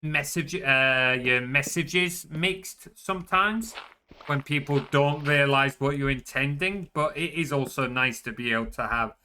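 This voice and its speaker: Bright-voiced man explaining at length. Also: medium pitch, measured pace, smooth. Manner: explanatory, filler-heavy, many "like"s. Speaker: server player. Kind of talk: casual voice chat while gaming.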